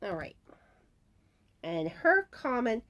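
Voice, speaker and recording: This crochet channel host has a slightly high, very animated voice that sounds pushed and bright, with a bit of background noise behind it. She chats along unhurriedly while naming giveaway winners and reading viewer comments, muttering asides to herself as her voice starts to fade.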